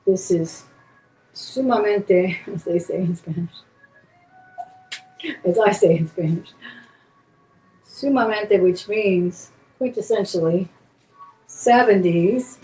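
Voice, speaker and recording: A woman runs a live jewelry auction and talks warmly and casually while she turns each piece over in her hands. Her voice rings a little in an echoey indoor room. Faint music plays underneath. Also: on the low side, steady tone, takes it slowly, pauses often. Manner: chatty, describes pieces while handling them. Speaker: auction host. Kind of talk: live-stream jewelry sale. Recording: roomy echo, faint music behind.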